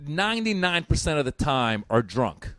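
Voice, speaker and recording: A man's voice: on the high side, normal speed, slight background noise. A man from Iran, a comedian, chatting casually on a podcast and telling a stand-up story, acting out the people he talks to. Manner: animated storyteller acting out crowd exchanges, frequent restarts. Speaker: comedian guest.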